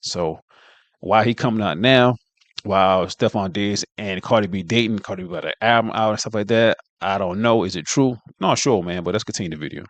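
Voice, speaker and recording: Low-voiced guy reacting to gossip, slangy and doubtful, dry close sound. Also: fairly quick, dry recording. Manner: slangy, incredulous, says "you know what I'm saying" often. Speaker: co-host. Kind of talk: casual commentary.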